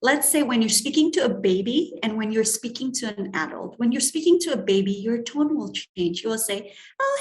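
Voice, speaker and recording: Higher-voiced woman lecturing. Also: echoey room. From Indonesia. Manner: explanatory, shifts tone to demonstrate examples. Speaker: etiquette trainer and guest lecturer. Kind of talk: lecture on speaking skills.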